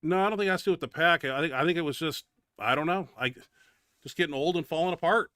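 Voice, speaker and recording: Quick and on the high side, this man's voice is a bit bright and clean, recorded dry with studio quality. Narrating footage of his own training for his bench press show, he's casual, blunt, and profane, complaining about a setback he's had.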